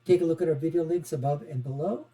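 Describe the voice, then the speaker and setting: A middle-aged man hosting an online political commentary show, sarcastic and animated, with chuckling asides. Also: a little high, fast talker. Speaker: host.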